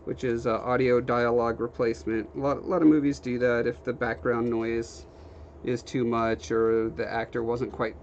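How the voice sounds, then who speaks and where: A relaxed young man chats on a workshop stream. He rambles easily and reads out viewer comments as he goes. The audio sounds a little dull, with a faint hum of noise behind him. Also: mid-range voice, normal speed. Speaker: livestreamer. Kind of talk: casual chat while working, reading chat. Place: home workshop.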